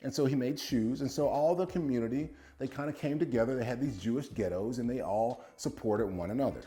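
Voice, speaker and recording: A man's voice: mid-range voice, fairly quick, mellow. A man, a former football player turned business coach, telling a story to camera and quoting a friend aloud with frequent laughs.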